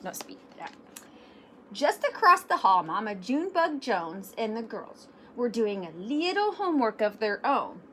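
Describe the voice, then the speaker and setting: Animated woman reading a picture book. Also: a little high, a little slow, a little hiss or hum. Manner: animated, self-deprecating asides. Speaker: storybook reader. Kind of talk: children's book read-aloud.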